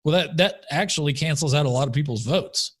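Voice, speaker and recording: A man's voice: on the high side, fairly quick, husky. A man co-hosting a podcast in casual chat, arguing his views in an opinionated way. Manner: opinionated, argumentative. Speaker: podcast co-host. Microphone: studio mic.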